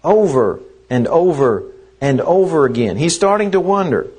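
A man preaching a sermon in a slow, earnest way, repeating phrases for emphasis. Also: a little high, sing-song, darkish tone, breathy edge.

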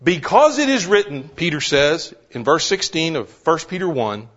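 A man's voice: fairly high pitch, big pitch swings, moderate pace, hardly any pauses, fairly bright tone. A man preaching a sermon, emphatic, repeating words for stress and asking the listeners questions. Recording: dull lo-fi recording.

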